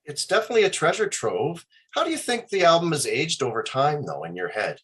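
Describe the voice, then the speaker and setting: A man's voice: fairly high pitch, sing-song, a little fast, a bit bright, breathy edge. A man hosting an interview, asking questions with enthusiasm. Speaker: interviewer host.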